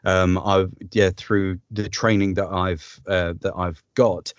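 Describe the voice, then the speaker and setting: A man's voice: low-pitched, level tone, slow, clear, resonant tone, no room sound. A man, a voice-over artist, chatting upbeat in an interview with frequent ums and laughs. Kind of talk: casual interview conversation.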